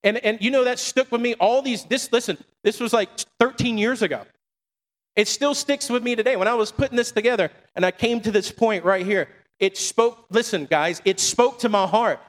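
High-voiced man preaching in a reverberant hall. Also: normal speed. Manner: preaching with call-and-response asides. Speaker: pastor. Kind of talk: sermon. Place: church sanctuary.

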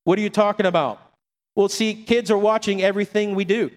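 High-voiced man preaching in a reverberant hall. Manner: preaching with call-and-response asides. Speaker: pastor. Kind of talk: sermon. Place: church sanctuary.

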